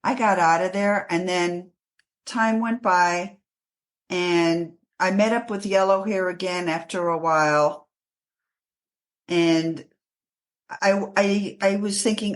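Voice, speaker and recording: Being interviewed, a New York City author tells her life story in a halting way, restarting often. Her voice is on the low side.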